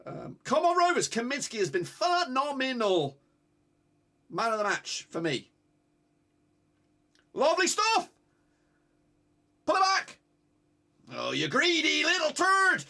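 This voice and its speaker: Excitable high-voiced fan streamer. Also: male voice. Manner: excitable, swears, urges viewers to like. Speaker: fan streamer watching a football match live. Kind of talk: live watch-along commentary.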